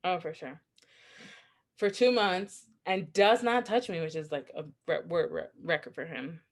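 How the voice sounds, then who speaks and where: A woman's voice: fairly low pitch, measured pace. A woman co-hosting a podcast, telling a story in a chatty, candid way, full of "like" fillers and self-mocking asides. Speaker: podcast co-host. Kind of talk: casual storytelling chat.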